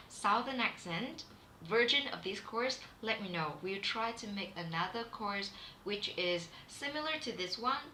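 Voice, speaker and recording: Vietnamese-accented female teacher, bright unhurried delivery, echoey room with faint hum; chatty livestream lesson. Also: medium pitch. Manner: chatty, with many fillers and restarts. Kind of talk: live-streamed class.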